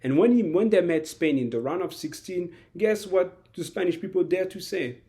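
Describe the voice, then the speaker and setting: A man giving a rambling, animated spoken analysis of a football match, often acting out quotes. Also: high-pitched, moderate pace. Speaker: football commentator.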